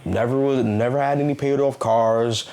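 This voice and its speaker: A man's voice: mid-range voice, fairly even intonation, moderate pace, dark tone. Earnest man giving a preachy talk. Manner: earnest, repetitive, preachy, with rhetorical questions. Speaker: self-help vlogger. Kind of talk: casual motivational talk.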